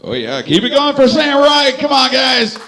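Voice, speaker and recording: A man's voice: very high voice, sing-song, normal speed, pushed and bright, a little hiss or hum. A man emceeing a comedy night, hyping the crowd and introducing the next comedian. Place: comedy club stage.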